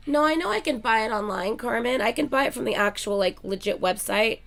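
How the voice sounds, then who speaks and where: A woman hosting her channel in a casual chat with viewers, excitable and gushing like a fan, swearing often and filling her talk with "like.". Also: a little high, fairly quick, creaky, few pauses. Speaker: channel host chatting with viewers.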